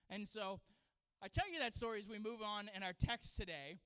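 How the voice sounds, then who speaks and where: Animated, bright-voiced preaching man. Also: high-pitched, brisk, smooth, low-quality recording. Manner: animated, laughing storyteller. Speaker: children's pastor. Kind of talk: sermon with storytelling. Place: church sanctuary.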